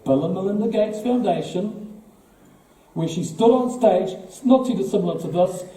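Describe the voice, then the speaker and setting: A man's voice: sits high, lively intonation, normal speed, warm tone, distant mic. Emphatic New Zealand man in an echoey hall. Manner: emphatic, rhetorical questions, repeats words. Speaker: political party speaker. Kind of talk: speech to a live audience.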